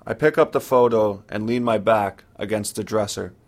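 A man narrating his own story in the first person, in a measured, sombre way. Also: lowish voice.

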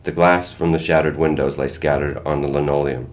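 An older man reading his own first-person story aloud in a plain, measured way. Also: very deep voice, steady tone. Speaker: memoir reader.

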